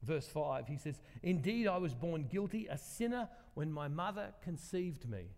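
A man's voice: a little high, lively intonation, normal speed, a little mellow, in a large hall. An older man, preaching a sermon in a conversational way, questioning the congregation and joking about himself. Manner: conversational, asks the congregation questions, self-deprecating humor.

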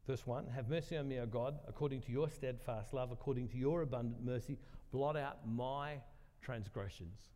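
A man's voice: medium pitch, fairly even intonation, fast, hardly any pauses, warm tone, in a large hall. An older man, preaching a sermon in a conversational way, questioning the congregation and joking about himself. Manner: conversational, asks the congregation questions, self-deprecating humor.

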